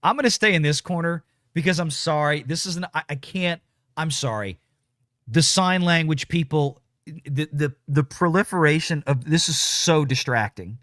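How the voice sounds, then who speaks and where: Man, blunt ranting livestream host, lively voice, higher pitch, dry sound. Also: dry recording. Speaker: show host reading super chats. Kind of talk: casual political commentary livestream.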